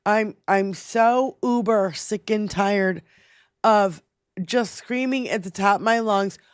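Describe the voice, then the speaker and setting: A woman hosting a political livestream talk show, profane and impassioned, sometimes shouting. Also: mid-range voice, slow, smooth, no room sound, studio quality.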